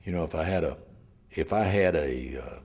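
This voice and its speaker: An older man, a criminal defense lawyer telling his story in an oral history interview, halting and repeating words, often trailing off near a whisper. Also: extremely low pitch, darkish tone, slightly rough.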